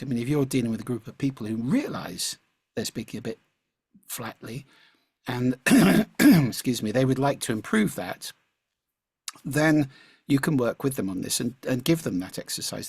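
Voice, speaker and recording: A man giving calm, reflective answers as a speaking coach, his voice grainy with fry and a little husky. He clears his throat now and then. The sound is close and dry, heard through a video call mic. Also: mid-range voice, no echo. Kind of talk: answering audience questions.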